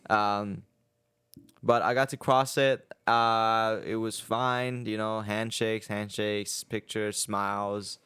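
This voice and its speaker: A young man co-hosting a podcast, talking in a relaxed, rambling way with many fillers. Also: on the low side, slow, smooth, no room sound. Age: young adult. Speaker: podcast co-host. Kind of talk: casual chat.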